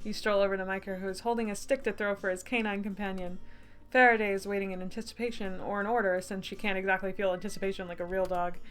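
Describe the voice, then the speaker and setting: A woman's voice: medium pitch, fairly even intonation, quick pace, soft background music. A woman streaming a game she helped make, reading the text aloud and chatting casually, laughing often. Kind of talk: casual let's-play narration.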